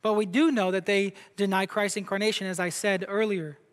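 High-voiced preaching man in an echoing hall. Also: level tone, fairly quick. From Brazil. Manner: emphatic preaching, asks the crowd questions. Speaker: pastor. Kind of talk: sermon. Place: church sanctuary. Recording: long hall reverb.

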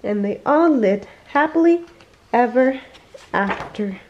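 A woman reading a children's bedtime story aloud, expressive and slowing down for emphasis, on a dull lo-fi recording. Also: on the high side, a little hiss or hum. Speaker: family storyteller.

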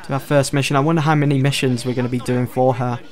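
A man's voice: medium pitch, level tone, quick pace. A man giving casual let's-play commentary, chatting and thinking aloud as he explores. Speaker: gameplay commentator.

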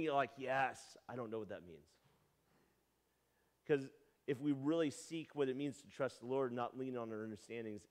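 A male pastor preaching a sermon in a conversational way, often asking the congregation questions and acting out quotes with sudden jumps in pitch.

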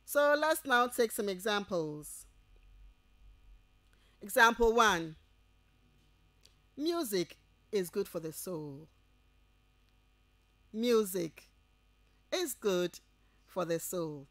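Her medium-pitched voice is expressive and fairly bright as this Ghanaian English-speaking woman delivers a radio lecture to university students. She repeats each point slowly, dictation-style, checking comprehension, and the recording has no room sound.

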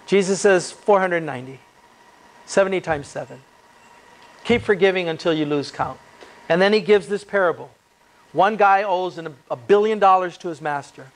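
A pastor with a slightly raised pitch preaches in a church. He moves between reading scripture and relaxed, joking asides. He keeps asking his listeners rhetorical questions. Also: normal speed. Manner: reads scripture then adds casual, joking asides. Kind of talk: expository sermon.

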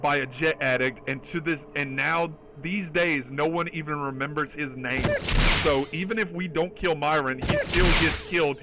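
Heavy background noise and game music surround a man whose voice is on the high side as he streams a game live. Excitable and foul-mouthed, he keeps the talk casual, reading viewers' chat aloud and thanking those who donate.

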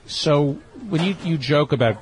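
Curious male interviewer, lively voice. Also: a little high, a little slow. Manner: curious, probing questions. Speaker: podcast host. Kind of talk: casual interview.

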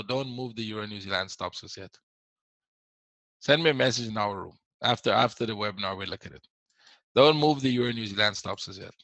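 Gravelly-voiced man teaching chart trading. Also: lowish voice, sharp tone, no room sound, rough recording. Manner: instructive, repeats key points, answers viewers. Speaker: forex trading instructor. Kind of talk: live trading webinar.

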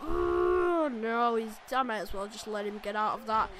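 A woman commentating her own wrestling video game match, excitable and swearing, exclaiming at every move. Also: on the high side, moderate pace. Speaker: gaming channel host. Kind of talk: let's play commentary.

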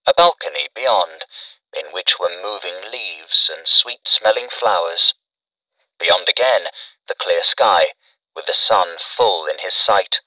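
A man giving a measured, dramatic scripted narration of a classic story. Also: lowish voice, pushed and bright, dry recording, recorded from a distance, poor audio.

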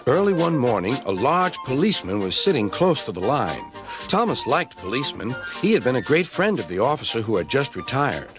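A man narrating a children's storybook in a gentle, measured way. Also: medium pitch, sing-song, over music. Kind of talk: storybook reading.

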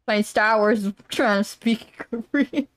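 A woman's voice: a little high, slow pace, a bit bright. A woman streamer chatting playfully and giggling through a casual gaming stream.

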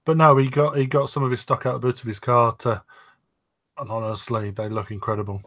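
A man's voice: medium pitch, little pitch movement, brisk, a bit bright. British man chatting loosely on a podcast. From United Kingdom. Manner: rambling, frequent ums. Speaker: podcast co-host. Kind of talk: casual chat.

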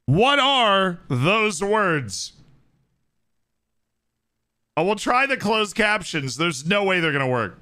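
A man streaming a video game live, chatting casually with excitable, laughing banter. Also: high-pitched, slow, pauses often.

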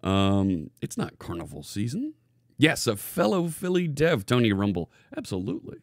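A man hosts a live coding stream from his green-screen studio, chatting casually, greeting viewers in the chat by name and often restarting his phrases. His medium-pitched voice swings hugely in pitch at a moderate pace. A hidden desk microphone picks him up with no room sound.

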